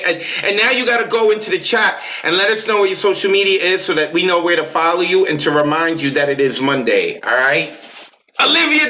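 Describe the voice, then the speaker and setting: A high-voiced, forceful man with a New York accent, hosting a poetry open mic from home. He keeps things moving with playful, teasing banter. The sound is dull and lo-fi, like a video call. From the Bronx, New York. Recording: muffled video call audio.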